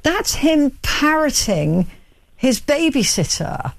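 A woman's voice: high voice, very animated, takes it slowly, gravelly. A woman hosting a radio phone-in, telling an anecdote in a chatty way. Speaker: radio host.

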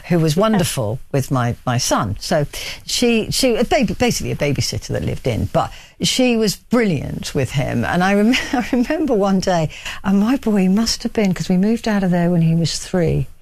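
A woman's voice: fairly low pitch, sing-song, normal speed, creaky, a little mellow. A woman hosting a radio phone-in, telling an anecdote in a chatty way. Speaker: radio host.

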